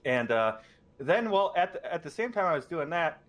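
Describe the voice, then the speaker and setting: Guy in his 30s on a gaming podcast, kinda high voice, laughs a lot, pitch jumps all over. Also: normal speed. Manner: laughs often, animated storytelling. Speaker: podcast co-host. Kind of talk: casual chat.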